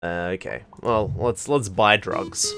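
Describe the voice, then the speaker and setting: A man's voice: sits low, takes it slowly, fairly bright tone, clear, resonant tone, soft background music. A man hosting a let's play, giving casual, wry commentary on a game and reading on-screen text aloud.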